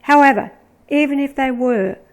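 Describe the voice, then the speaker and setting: A woman giving religious commentary, reading scripture verses aloud with deliberate, emphatic delivery. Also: sits high, rough recording.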